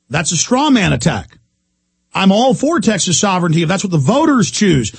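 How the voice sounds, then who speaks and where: A man's voice: high-pitched, animated, normal speed, creaky, breathy edge, no room sound. A man hosting a talk radio show, delivering an emphatic, repetitive rant. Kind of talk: heated talk-radio monologue.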